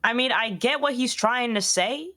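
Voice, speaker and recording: A woman's voice: a little high, pushed and bright. A woman chatting casually and joking while playing a story game with a friend. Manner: amused, quick quips. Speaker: game co-player. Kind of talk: casual let's play chat.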